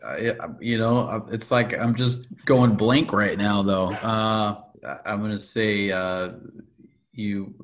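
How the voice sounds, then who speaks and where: Slow, stammering man on a quiz show. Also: on the low side, steady tone, a little hiss or hum. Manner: hesitant, stammering, repeats himself. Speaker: quiz contestant. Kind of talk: casual podcast game show.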